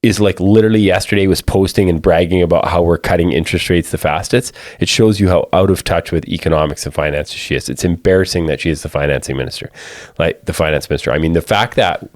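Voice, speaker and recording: A man's voice: sits low, quick pace, no echo, studio quality. A man from Canada complaining in an exasperated, critical tone. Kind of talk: frustrated commentary.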